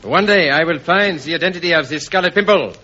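An actor playing a lecherous, scheming French revolutionary envoy with a put-on comic French accent and a punning, theatrical manner. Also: male voice, on the high side, quick pace, lightly acted. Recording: muffled old broadcast, hiss, audience laughter.

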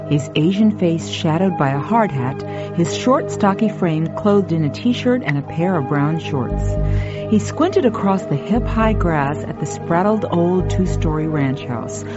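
A woman narrating a short story in a measured, expressive reading. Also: on the low side. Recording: dull dry recording with faint music.

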